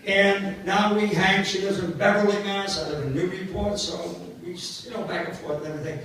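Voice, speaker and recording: A man's voice: high-pitched, level tone, a little fast, a bit bright. An older man, joking and rambling through self-mocking stories for a party crowd. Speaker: party entertainer. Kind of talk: comic storytelling to a live party. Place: party hall. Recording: echoey hall from far off, noisy.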